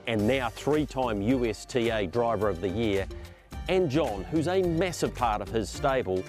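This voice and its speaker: A man presents a racing interview show with a brisk, upbeat delivery. His pitch is middling, and a soft music bed plays underneath. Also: animated. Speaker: host. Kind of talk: interview with scripted intro.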